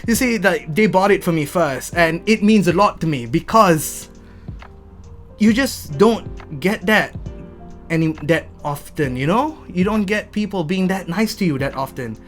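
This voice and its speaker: A man's voice: a little high, moderate pace, faint music behind. A young man, telling heartfelt, rambling stories about his sneaker collection and often stumbling and restarting. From Malaysia. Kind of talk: heartfelt rambling storytelling to camera.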